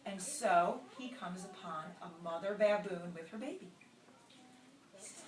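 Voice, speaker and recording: A woman storyteller telling a folk tale to young children, expressive and involving her listeners. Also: medium pitch, a little slow, crowd noise. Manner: lively, expressive, involves the audience. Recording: roomy, distant mic.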